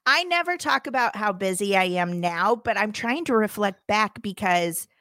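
A woman's voice: mid-range voice, moderate pace, no echo. Laughing woman podcaster with a dry, close voice. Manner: expressive, laughs often, reads from a script. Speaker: podcast co-host. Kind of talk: casual chat and reading a rant. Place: home recording room.

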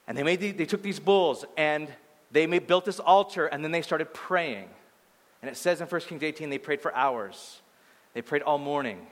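A man preaching a sermon as pastor, telling the story in an animated way that swings from loud to hushed. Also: mid-range voice. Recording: long hall reverb.

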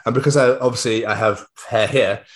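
Young bloke rambling on a podcast, sweary, animated, mid pitch. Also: male voice, brisk. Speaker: podcast co-host. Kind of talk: casual chat.

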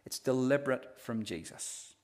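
A man's voice: medium pitch, animated, normal speed, darkish tone. A male pastor delivering a sermon earnestly, retelling a parable and often repeating first sounds as he starts phrases. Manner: earnest, storytelling, frequent stammered restarts.

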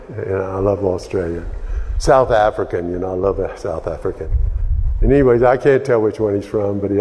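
A man's voice: lowish voice, warm tone, big-room sound. A man from Texas preaching a sermon in a rambling way, often restarting his sentences and wandering into asides.

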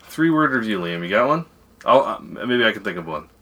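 A woman's voice: rumbling low, expressive, fairly quick, a bit bright. A woman hosting a casual family podcast, playful and jokey, laughing easily at her own puns. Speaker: podcast host.

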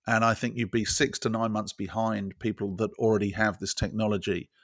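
A man's voice: lowish voice, flat delivery, fairly quick, fairly bright tone, no echo, clean studio sound. A British man talking as a technology guest, explaining scenarios step by step in casual conversation. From Britain. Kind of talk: casual interview chat.

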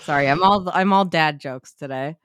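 A podcast co-host, a young woman with a low voice, chats casually at a moderate pace, laughing frequently and swearing without restraint. It's a clean studio recording with no room sound.

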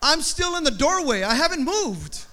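Man, pastor, sermon, high lively voice, preacher cadence, humorous asides. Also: moderate pace. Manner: preacher cadence, rising emphatic repetitions.

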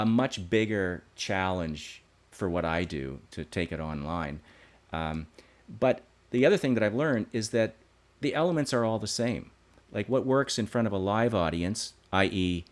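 A man with a lowish voice talks casually as a guest about running shows. He is animated and keeps restarting sentences, reaching for analogies as he goes. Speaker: guest, live event producer. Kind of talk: casual interview chat.

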